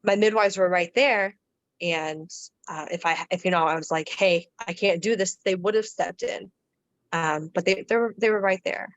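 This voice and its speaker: A woman guest on a podcast, casually telling a personal story in a relaxed, chatty way with fillers and restarts. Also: fairly low pitch, moderate pace, dry recording, muffled recording.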